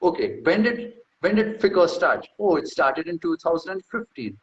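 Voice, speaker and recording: A man's voice: sits high, lively intonation, moderate pace, hardly any pauses. A man in casual talk reading through a research paper, brash and mocking, with profane boastful asides. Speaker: host. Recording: echoey room, slightly dull sound.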